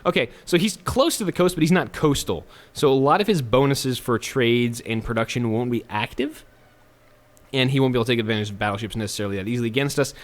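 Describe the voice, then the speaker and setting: A man hosts a let's play with casual gameplay commentary. He talks in a chatty way and drops jokes and self-mocking asides. His voice sits at an ordinary middle pitch. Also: fast.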